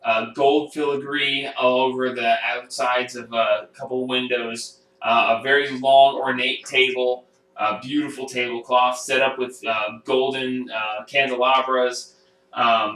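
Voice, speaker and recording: A man narrating a tabletop game as game master, halting and full of ums. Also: mid-range voice, bright, forceful tone. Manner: halting, lots of ums and uhs. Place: home room. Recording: roomy sound from a distant mic.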